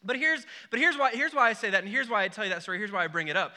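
A young adult man preaching a sermon, opening with an animated, self-deprecating story. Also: sits high, racing. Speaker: pastor.

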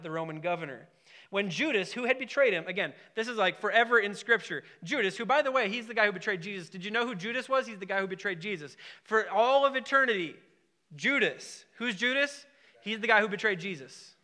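A man's voice: high-pitched, pushed and bright. A man preaching a sermon to a congregation in a conversational, emphatic way, with asides and questions to the room. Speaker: pastor.

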